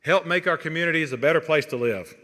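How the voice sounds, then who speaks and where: Commencement speaker, man, bright voice, earnest encouragement, echoing hall reverb. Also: fairly high pitch, fast talker. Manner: earnest, encouraging, quotes sayings. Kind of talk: formal commencement address. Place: large hall.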